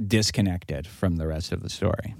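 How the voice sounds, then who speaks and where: A man with a fairly low voice talks through a film's opening scene in a relaxed discussion, filling gaps with "uh" and "like." The sound is dry and close to the mic. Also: normal speed, vocal fry, no room sound. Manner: long retelling of a story with acted quotes, many fillers. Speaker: podcast panelist. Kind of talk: casual film discussion.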